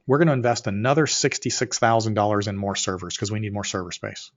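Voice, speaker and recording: A middle-aged man, an entrepreneur guest on a podcast, telling a story with energy and acting out both sides of the dialogue, sometimes rising to near shouts. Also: lowish voice, fast. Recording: muffled, slightly lo-fi audio.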